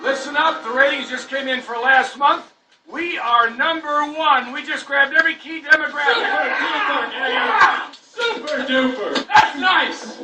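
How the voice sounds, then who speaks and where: A man's voice: extremely high pitch, unhurried, distant mic, background noise. An actor playing a boastful, chipper news boss making an upbeat announcement to his team. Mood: gloating.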